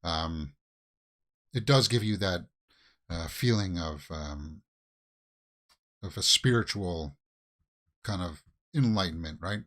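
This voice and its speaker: A man's voice: sits low, slow, pauses often, fairly bright tone. A man hosting a watch-along reaction video, giving casual commentary that swings into exasperated rants with repeated questions.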